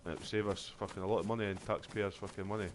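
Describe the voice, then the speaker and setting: A man's voice: on the low side, little pitch movement, very fast, noisy background. A Scottish man streaming a game, chatting casually in a rambling, sweary way full of fillers. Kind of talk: casual chat while gaming.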